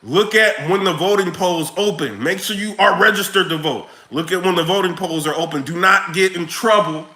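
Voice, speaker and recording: A man ranting casually to camera in his vlog, animated, full of slang and laughing often. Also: sits high, moderate pace, few pauses, roomy sound, poor audio. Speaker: vlogger.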